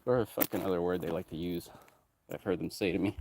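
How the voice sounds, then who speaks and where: A man's voice: low voice, fairly even intonation, fast, a little mellow, a little hiss or hum. A man who runs a music production company, talking in a loose, rambling way, drifting between topics and swearing freely. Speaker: music producer and label owner. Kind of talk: rambling casual talk, heavy swearing.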